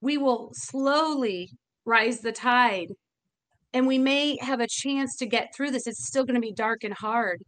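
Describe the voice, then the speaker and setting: A woman's voice: a little high, measured pace, a bit bright. A woman who owns a bar, speaking earnestly and from the heart in an interview, often restarting her sentences. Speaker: bar owner. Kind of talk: emotional interview talk.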